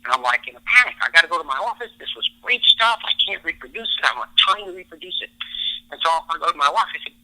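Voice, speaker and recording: A man's voice: on the high side, lively intonation, fast talker, sharp tone, low-quality recording. A man speaking as a podcast guest, explaining brain science through everyday stories from his own life. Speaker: podcast guest, relationship expert. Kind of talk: podcast interview.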